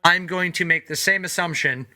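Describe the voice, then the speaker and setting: A man guesting on a sports podcast, speaking deliberately with frequent restarts and the odd joke. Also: high-pitched, bright, forceful tone. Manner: deliberate, stammers on restarts, jokey. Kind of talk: casual sports podcast chat.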